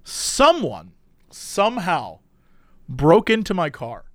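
Guy ranting about his day, high voice, bouncy, dead dry close mic. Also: slow, no echo. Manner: animated, exasperated retelling with swearing. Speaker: podcast host telling a story. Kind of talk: casual storytelling chat.

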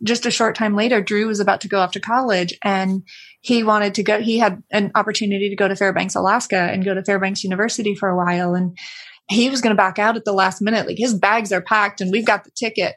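A middle-aged woman speaks candidly as an interview guest, her voice soft and airy with a breathy edge. She tells a family story in a reflective, conversational way and brightens when she quotes her kids. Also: medium pitch, fairly even intonation, fairly quick.

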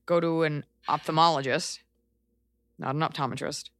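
A woman co-hosting a podcast, giving casual advice in a rambling, animated way and swearing freely. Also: sits low, normal speed, no room sound. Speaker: podcast co-host. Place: Los Angeles area.

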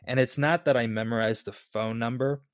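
A man's voice: medium pitch, moderate pace, no echo. Married guy rambling an anecdote, uh and like a lot, dry mic. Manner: relaxed storyteller with fillers. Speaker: podcast co-host. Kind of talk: casual chat.

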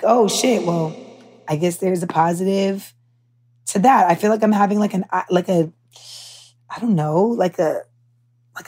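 A young American woman hosting a podcast, telling stories casually with heated, animated asides and swearing. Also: lowish voice. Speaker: podcast host. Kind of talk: casual storytelling monologue.

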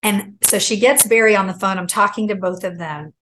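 A middle-aged woman telling a long personal story as a guest, animated and acting out the voices she quotes. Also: mid-range voice, brisk, a little hiss or hum, low-quality recording. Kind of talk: casual storytelling.

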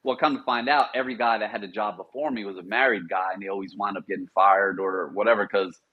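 Man, middle-aged, husky, podcast guest, anecdotal storytelling. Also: lowish voice, fast, phone-quality sound. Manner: relaxed anecdotal, often acts out quoted dialogue. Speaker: podcast guest, former Marine. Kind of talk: casual storytelling.

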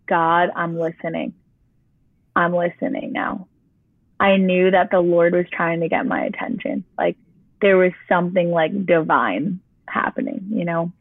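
A woman's voice: on the low side, no echo. Chatty young woman on a tinny line. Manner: chatty, peppered with "like". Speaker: guest sharing her testimony. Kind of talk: casual personal storytelling. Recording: tinny phone-line sound, dry.

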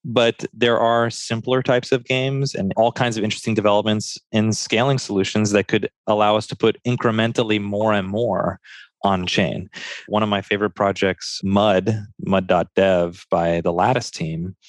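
A man's voice: on the low side, flat delivery, normal speed, no echo. A man speaking enthusiastically and agreeably in a casual podcast discussion. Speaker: podcast guest expert.

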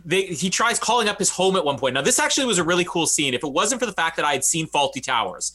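Man, podcast co-host, bright tense voice, slightly high, casual movie chat, laughs a lot. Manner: laughs often, animated, does quick funny voices for quoted characters.

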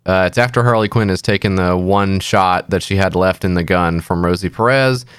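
A man's voice: low voice, moderate pace, smooth, no echo. Sarcastic man in casual podcast chat. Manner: sarcastic, jokey, acts out quotes in silly voices. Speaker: podcast co-host. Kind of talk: casual movie review chat.

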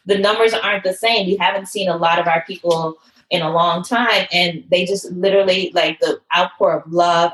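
Animated woman with a roomy echo. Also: lowish voice. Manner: emotional storytelling, animated quoted voices. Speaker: fitness studio owner. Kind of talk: interview conversation.

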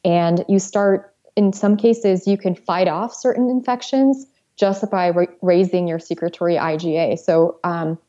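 A woman's voice: lowish voice, steady tone, a little slow, dark tone, dull audio. A woman, a pharmacist guest, explaining treatments in a matter-of-fact way. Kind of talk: interview answers.

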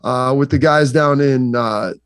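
A man's voice: mid-range voice, measured pace, fairly bright tone, clear, resonant tone, dry recording, studio quality. A man from Southeastern Ohio, a sports analyst guest, rambling casually with lots of fillers. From Southeastern Ohio, USA.

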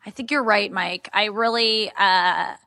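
A woman's voice: mid-range voice, fairly even intonation, unhurried, pushed and bright. A woman comedian in casual podcast talk, chatty and self-deprecating, often restarting her sentences. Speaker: comedian guest.

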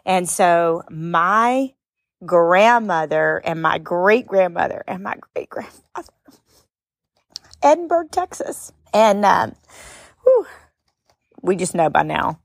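A middle-aged woman hosting a podcast, telling a personal story in an expressive, sometimes tearful way that rises into high exclamations. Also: slow, gravelly, dry recording, studio quality. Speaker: podcast host and speaker. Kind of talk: emotional storytelling monologue.

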